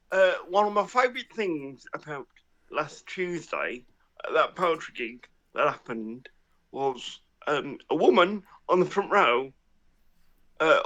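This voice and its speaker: A man's voice: high voice, lively intonation, slow pace, fairly bright tone, dull audio. A man hosting a podcast on a live stream, rambling and swearing in casual banter. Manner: rambling, sweary, self-mocking. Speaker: podcast host.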